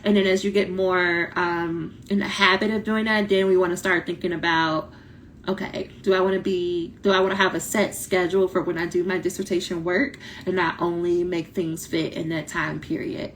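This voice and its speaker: A woman coaching doctoral students in a casual live talk, blunt and lively, acting out quoted voices, her voice starting to tire. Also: on the low side, normal speed, a little hiss or hum. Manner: animated, blunt, talks directly to viewers, acts out quoted voices. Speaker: dissertation coach.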